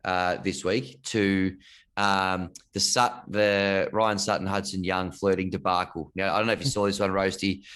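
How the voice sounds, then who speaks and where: Easygoing Australian man, low voice. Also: flat delivery, fairly bright tone, smooth. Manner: easygoing, quick to laugh, chatty. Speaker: podcast co-host. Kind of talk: casual chat.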